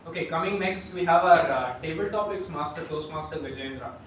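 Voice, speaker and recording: A man's voice: fairly high pitch, a little fast. A man giving upbeat, praising feedback at a club meeting. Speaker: general evaluator. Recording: echoey room, far from the mic, noise.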